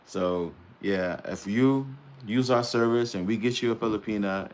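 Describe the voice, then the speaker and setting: Rambling laid-back man, low voice. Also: normal speed, a little mellow. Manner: loose, rambling, laughs easily. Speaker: host. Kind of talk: casual live-stream chat.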